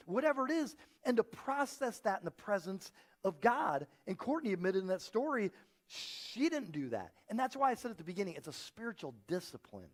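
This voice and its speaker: A brisk, high-sitting male voice fills a church auditorium as the pastor preaches. He brings his stories to life, acting out the people he quotes.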